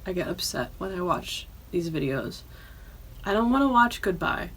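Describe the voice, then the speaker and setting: A woman hosting her own podcast in casual chat, loud and profane, often bursting into yelling. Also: on the low side, very animated, moderate pace, breathy edge. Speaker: podcast host.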